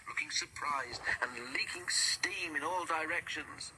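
Man narrator for a storybook, bright crisp voice, faint hiss. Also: a little high, unhurried, hardly any pauses, rough recording. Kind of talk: storybook reading.

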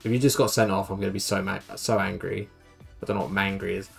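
A man's voice: low voice, fairly even intonation, a little fast, creaky, faint music behind. Exasperated young man doing gaming commentary. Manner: exasperated, grumbling at his team. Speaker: gaming YouTuber. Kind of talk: let's play commentary.

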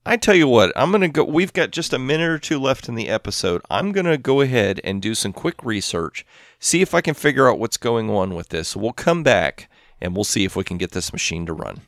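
A man's voice: mid-range voice, animated, brisk, a bit bright, no echo, studio quality. A man hosting a modded game video, chatting casually and thinking aloud as he plays, counting items under his breath. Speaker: gameplay channel host. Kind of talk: casual gameplay commentary. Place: home room with his cat.

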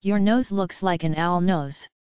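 A woman's voice: lowish voice, unhurried, a little mellow, clean tone, dry recording, dull audio, natural voice. A woman voicing a bold, teasing young island woman in an audiobook dialogue.

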